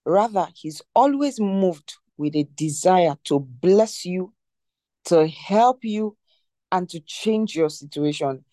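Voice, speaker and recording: Devotional teacher, mellow tone, dry sound, emphatic and repetitive, asks rhetorical questions. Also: medium pitch, expressive, takes it slowly, dry recording.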